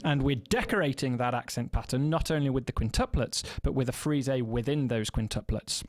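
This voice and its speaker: A man gives a percussion lesson in a measured, methodical voice. He breaks each rhythm down step by step and counts the beats aloud as he goes. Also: mid-range voice, no echo, soft background music. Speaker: percussion teacher. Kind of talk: instructional explanation.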